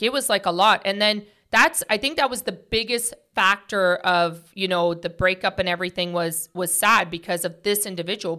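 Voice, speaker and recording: A woman's voice: medium pitch, bright, forceful tone. A woman hosting a podcast, talking earnestly in a casual heart-to-heart chat, full of "like" and "right?" fillers. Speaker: podcast host.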